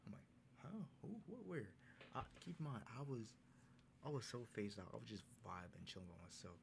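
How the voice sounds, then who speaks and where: A man's voice: lowish voice, expressive, a little fast, vocal fry, a little hiss or hum. A young man casually telling a story in a vlog recap, in a laid-back, slangy way, acting out what people said. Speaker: vlogger.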